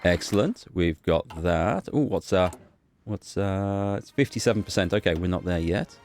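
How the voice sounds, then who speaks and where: A deep-voiced man talks through a strategy game as he plays it, musing aloud and often pausing on fillers and half-finished phrases. Soft background music runs quietly under his commentary. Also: animated, some chatter behind. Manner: thinks aloud, musing with fillers and small restarts. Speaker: gaming YouTuber. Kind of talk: casual gameplay commentary.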